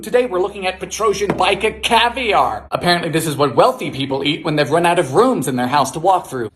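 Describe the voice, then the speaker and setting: A Bermudian man in his twenties giving comedic vlog commentary in a theatrical, sarcastic way, breaking into shouted exclamations. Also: sits high, slight background noise. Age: 20s. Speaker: cooking video creator.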